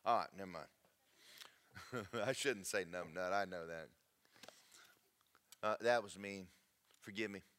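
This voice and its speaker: A man preaching a sermon, emphatic and preachy, swinging between loud and soft. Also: low voice, takes it slowly, long pauses. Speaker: pastor.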